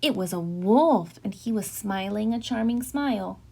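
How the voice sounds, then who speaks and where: A woman teacher narrating a children's storybook aloud with expressive, dramatic storytelling. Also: mid-range voice, moderate pace, gravelly, husky.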